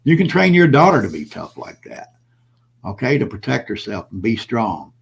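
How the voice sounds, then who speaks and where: With a medium-pitched, sing-song voice that's gravelly with a breathy edge, an older prepper channel host speaks at normal speed in an impassioned solo vlog monologue. He addresses his viewers bluntly and preachily, repeating his points.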